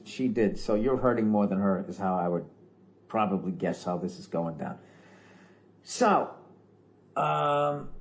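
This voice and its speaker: Man, mellow warm tone, blunt casual advice, swears freely. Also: medium pitch. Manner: blunt, profane, matter-of-fact. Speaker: podcast host giving advice.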